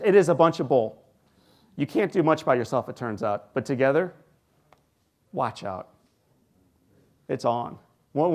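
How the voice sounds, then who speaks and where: A man in his forties gives an inspirational keynote speech from a stage, telling his own story. He has a mid-pitched voice and swings from quiet, slow moments to loud, punchy lines. His dramatic pauses carry the story. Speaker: keynote speaker. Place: large hall before a live audience.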